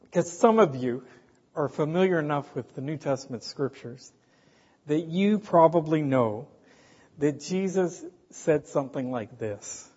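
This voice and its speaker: Man preaching slow and emphatic, husky voice, echoey hall, kinda muffled. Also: on the high side, lively intonation, dark tone. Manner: slow, emphatic, rhetorical questions. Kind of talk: sermon. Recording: dull, hall reverb, from a distance.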